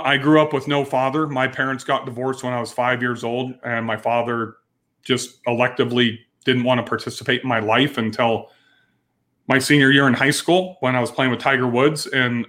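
A man's voice: medium pitch, fairly bright tone. A man in his forties, a business owner telling his story frankly in an interview, with frequent restarts. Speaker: entrepreneur guest.

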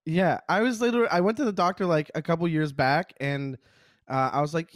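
A man who is a comedian and music producer, a guest on a podcast, telling stories in a relaxed, chatty way and acting out the lines of the people in them. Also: on the high side, a little fast, no echo, clean studio sound. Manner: relaxed storyteller who acts out dialogue. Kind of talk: casual comedic chat.

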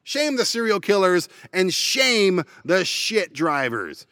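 A man's voice: high voice, very animated, slow pace, hardly any pauses, music in the background. A man hosting a solo podcast, ranting bluntly and sarcastically with plenty of profanity. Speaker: podcast host. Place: parked van.

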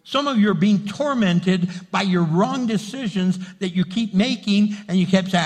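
A man's voice: sits high, animated, measured pace, hardly any pauses. A man preaching a sermon as pastor, building emphasis and acting out quotes. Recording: reverberant hall.

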